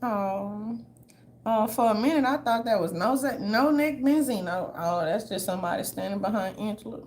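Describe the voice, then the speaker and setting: A woman from the southern United States, mid-range and slightly mellow, talks at a normal speed with a little background noise. She's doing casual livestream commentary, loose and chatty, speaking bluntly and profanely straight to her viewers.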